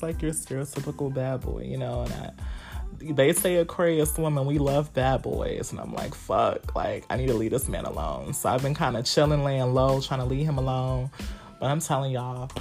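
Brief: low-pitched woman in her twenties, candid solo podcast host, salty and laughing, soft music behind. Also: moderate pace. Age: 20s. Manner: frank, profane, laughing, talks straight to listeners.

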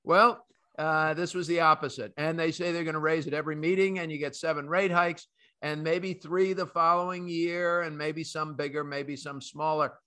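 A man's voice: a little high, fairly even intonation, normal speed, pushed and bright. An American man hosting a market commentary podcast, emphatic and opinionated, talking straight to his listeners. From United States. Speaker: podcast host.

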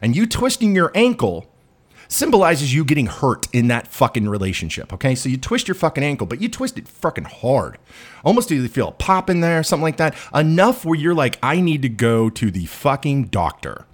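Swearing, animated male podcast ranter. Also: a little high, a little fast. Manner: profane, self-deprecating, emphatic. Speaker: podcast host. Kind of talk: profane monologue rant.

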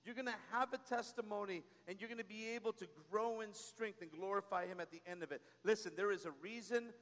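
Male pastor, bright forceful sermon voice, call-and-response preaching in a big church. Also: high-pitched, a little fast. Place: church sanctuary. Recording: long reverb of a large hall.

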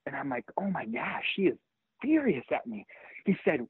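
A middle-aged man, a pastor, tells a story with lively, animated delivery, slipping into the voices of the people he describes. His voice sits a bit high and comes through thin and tinny, like a phone line. The sound is dry, with no room around it. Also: normal speed, slightly rough, no echo. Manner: animated, acts out quoted voices. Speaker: pastor and author. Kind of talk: storytelling in an interview.

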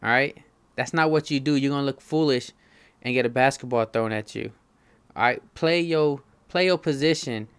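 A man's voice: mid-range voice, moderate pace, clean tone. A young man hosting his podcast alone, talking casually, swearing freely and often checking in with listeners. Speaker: podcast host. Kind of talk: solo casual podcast monologue.

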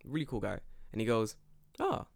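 A young British man co-hosting a casual podcast, telling stories with lots of swearing and quick impressions of people. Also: fairly low pitch, no echo, clean studio sound. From United Kingdom. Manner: animated storyteller, mimics people, swears freely. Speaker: podcast co-host. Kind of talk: casual chat.

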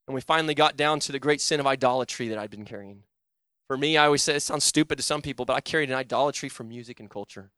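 A young man delivers a sermon in a high, clear voice, recorded close and dry. He swings between loud, urgent pleading and low, hushed intensity as he speaks to the room. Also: steady tone, very fast, no room sound. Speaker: preacher. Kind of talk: sermon with personal testimony.

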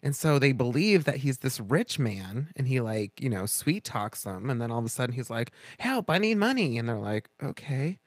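A man's voice: medium pitch, fairly quick, hardly any pauses, no room sound. A man co-hosting a casual podcast chat, telling stories and acting out other people's lines as he goes. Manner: animated storyteller, acts out quoted voices. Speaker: podcast co-host.

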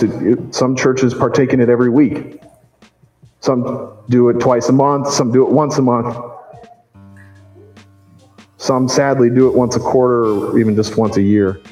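A male pastor delivering a sermon in a church, earnest and measured, with slow emphatic phrases. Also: mid-range voice, darkish tone, reverberant, in a large hall, low-quality recording.

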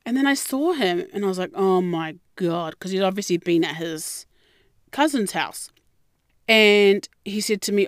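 A woman with an Australian accent, telling a personal story in a blunt, heavily profane and animated way. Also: medium pitch, normal speed, no echo, clean studio sound. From Melbourne, Australia.

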